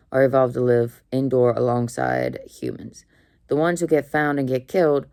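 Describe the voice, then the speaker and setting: A woman's voice: a bass voice, vocal fry, darkish tone, dry recording, clean studio sound. A young woman in a dorm room talking casually into the camera, rambling in a slangy, blunt way. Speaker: vlogger. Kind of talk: casual monologue.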